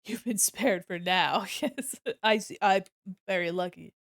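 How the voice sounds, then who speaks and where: A woman's voice: medium pitch, unhurried, vocal fry, a bit bright, no room sound, clean studio sound. A woman streaming while she draws, chatting casually with her viewers, playful and mock-offended, laughing often. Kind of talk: casual live-stream chat while drawing.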